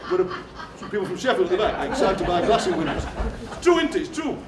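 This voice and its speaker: Chatty Yorkshire man, high-voiced, echoey theatre. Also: big pitch swings, a loud crowd. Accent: Yorkshire, Barnsley. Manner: quick, chatty, jokey asides to the audience. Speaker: performance poet. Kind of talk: comic storytelling on stage. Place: theatre stage before a live audience. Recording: roomy, distant theatre recording with noise.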